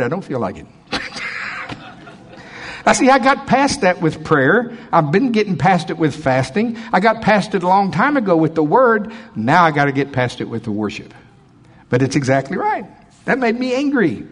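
A man preaching a sermon in church, swinging between loud emphatic lines and quiet asides. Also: on the high side, breathy edge.

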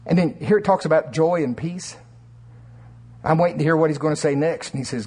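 Husky guy preaching in church, kinda high voice, animated storyteller, laughs a lot. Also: brisk. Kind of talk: sermon. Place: church sanctuary.

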